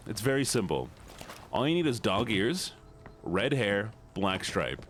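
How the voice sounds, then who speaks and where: A man's voice: on the low side, big pitch swings, a little slow, a bit bright, slight background noise. A young man streaming a game, chatting casually and joking with his chat, often slipping into silly voices. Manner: playful, jokey, reacts to chat and breaks into silly voices. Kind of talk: casual gameplay livestream chat.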